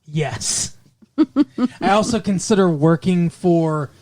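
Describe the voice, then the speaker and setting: A man co-hosting a movie podcast in casual chat, joking, laughing often and slipping into quick impressions. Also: high voice, expressive, darkish tone. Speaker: podcast co-host.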